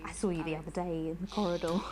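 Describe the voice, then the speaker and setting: A woman's voice: lowish voice, fairly even intonation, fast talker, close to an everyday voice. A woman playing a posh, creepily pleading news anchor. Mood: confessing. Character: polished female TV news anchor, unsettling. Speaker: news presenter. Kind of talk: live broadcast sign-off, in character.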